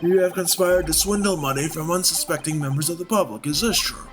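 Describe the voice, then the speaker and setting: A man's voice: a little high, soft background music, voice pushed up, lightly acted. A man voicing a formal male judge presiding over a trial. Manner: formal, brisk.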